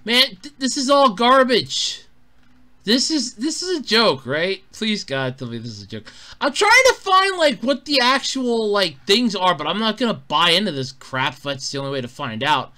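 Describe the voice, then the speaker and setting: A man giving an angry, profane gaming rant, swinging between muttering and exasperated shouting bursts. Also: sits high, very animated, normal speed. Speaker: gaming commentator.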